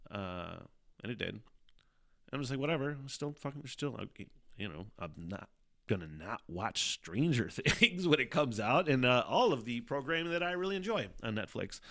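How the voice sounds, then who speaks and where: A man chats alone on his podcast in a loose, rambling way, swearing freely and breaking into laughter. His voice sounds bright and forward, and his pitch sits in a middling range. He often sighs and grumbles in exasperation. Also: sing-song, a little fast, gravelly. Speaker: podcast host. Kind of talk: casual solo podcast chat.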